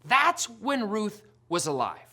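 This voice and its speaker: A woman hosting a children's church show, telling a Bible lesson in a playful, animated storytelling manner. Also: mid-range voice, takes it slowly, creaky, slightly rough. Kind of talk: lively kids' Bible lesson.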